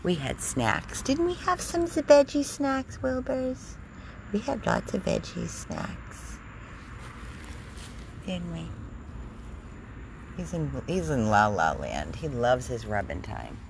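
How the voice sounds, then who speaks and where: A woman hosting a casual live stream from her dog rescue, using gentle baby talk with her dog and chatting with viewers. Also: low-pitched, huge pitch swings, slow pace, vocal fry, long pauses, background noise. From Florida. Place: home with dogs, indoors and out.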